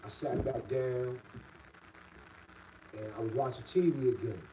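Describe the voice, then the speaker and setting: A middle-aged man from the Bronx with a New York City accent, telling a story in a casual, streetwise way and rising loud and high when worked up. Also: a little slow, distant mic, a little hiss or hum, low-quality recording.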